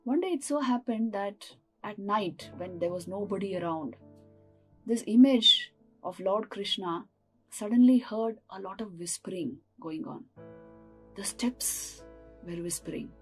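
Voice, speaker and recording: A woman's voice: mid-range voice, unhurried, husky, soft background music. A woman, a monastic teacher giving an earnest spiritual talk that mixes rhetorical questions with storytelling. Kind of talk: sermon.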